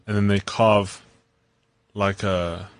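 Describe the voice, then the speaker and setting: Podcast cohost guy, lowish voice, chill, short replies. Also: flat delivery, takes it slowly, no room sound. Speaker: podcast co-host. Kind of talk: casual chat.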